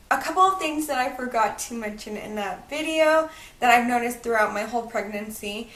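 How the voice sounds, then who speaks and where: A young woman chats brightly and eagerly, with a somewhat raised voice, in a casual vlog from her home. She sits back from the microphone, so her voice carries a roomy, echoey ring. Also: on the high side, far from the mic. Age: 20s. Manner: bubbly and chatty, heavy use of "super duper". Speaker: vlogger. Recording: roomy, away from the mic.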